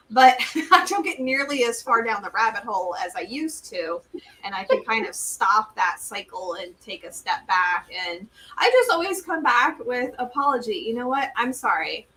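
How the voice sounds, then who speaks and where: A young woman co-hosting a live stream talk show, telling a story in an animated way and laughing often. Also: on the high side. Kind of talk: casual conversational chat. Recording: distant mic, faint room noise.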